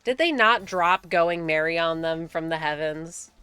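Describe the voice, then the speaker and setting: Picture a young American woman streaming a game and talking casually to her chat, often swearing and laughing between remarks. Her voice sits a little low but comes through bright and sharp. Faint music plays underneath. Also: measured pace, clear, resonant tone, no room sound. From United States. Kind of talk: casual gaming commentary.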